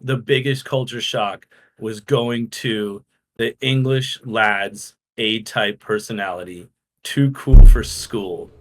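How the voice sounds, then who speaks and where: A man's voice: on the low side, slow pace, fairly bright tone. A man co-hosting a casual podcast, a bubbly storyteller who acts out what others said. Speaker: podcast co-host.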